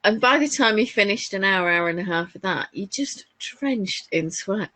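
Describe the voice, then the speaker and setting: On a casual crafting podcast, a woman co-host with a Northern English accent shares warm family anecdotes, chatty and laughing often. She speaks at a moderate pace in an expressive, medium-pitched voice, recorded dry.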